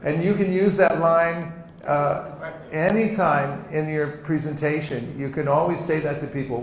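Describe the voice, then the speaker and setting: A man teaching a seminar, acting out sample conversations in a lively way and laughing often. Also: a little high, a little slow. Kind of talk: teaching with acted-out demonstrations. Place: seminar room with an audience. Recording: roomy hall echo, faint noise.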